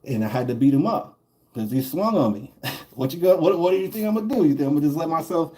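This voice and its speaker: A man's voice: fairly high pitch, lively intonation, fast talker, warm tone. A man streaming a game and telling a long, rambling story in casual chat. He swears a lot and often chuckles as he talks. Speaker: gaming streamer.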